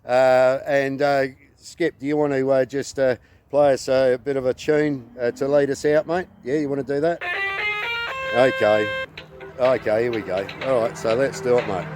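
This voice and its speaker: Halting Australian man in his fifties. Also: medium pitch, fairly even intonation, a little mellow, soft background music. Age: 50s. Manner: halting, full of uh fillers. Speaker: channel host. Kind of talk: casual outdoor vlog talk.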